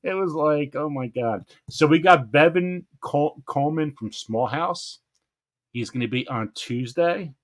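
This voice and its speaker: Excitable man hosting a live stream. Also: on the high side, a little slow. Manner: excitable, laughs often, stumbles over names. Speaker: host of a gardening live stream. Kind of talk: casual live-stream chat.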